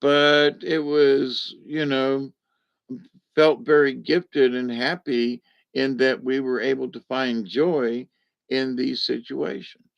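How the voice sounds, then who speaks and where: Man, gravelly, folksy rambling storyteller on a dull lo-fi recording. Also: mid-range voice, flat delivery, takes it slowly. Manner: folksy, rambling, chuckles often. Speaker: vlogger. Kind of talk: casual storytelling monologue.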